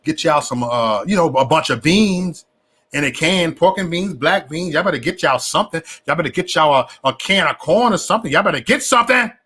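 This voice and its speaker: A man hosting a casual livestream, talking in an animated, preachy way with lots of slang, repeating himself and stammering on restarts. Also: on the high side, brisk, husky. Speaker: livestream host.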